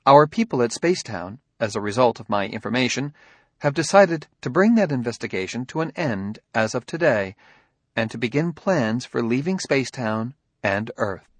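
A man voicing a calm, formal humanoid robot. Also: medium pitch, normal speed, no room sound, natural voice. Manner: even, formal, precise speech. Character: calm, logical male humanoid robot detective partner. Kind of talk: audiobook dialogue reading.

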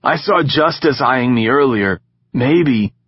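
A man's voice: medium pitch, lively intonation, slow pace, husky, no room sound, lo-fi sound, pitched above the performer's own voice, exaggerated voice. A man voicing a nervous, wry wealthy teenage boy in an audiobook. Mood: joking.

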